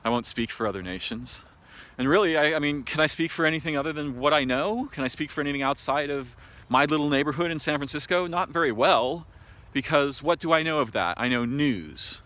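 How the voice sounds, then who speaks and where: An American man speaking an unscripted monologue to camera, thoughtful and halting, with many pauses, fillers and restarts. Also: on the high side, animated, sharp tone. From United States. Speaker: video essayist. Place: home in a city. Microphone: camera mic.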